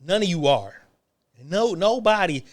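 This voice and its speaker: A man's voice: sits high, expressive, measured pace. An American man delivering a profane, taunting monologue rant to the camera, laughing mockingly and stammering through repeated restarts. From United States. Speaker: online commentator.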